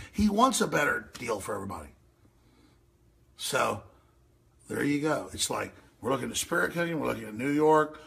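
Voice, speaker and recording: A man hosting a radio show, ranting and mocking as he reacts to news clips, with a gravelly voice. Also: a bit bright. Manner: ranting, mocking, mimics voices in shrill falsetto. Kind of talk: animated commentary over news clips.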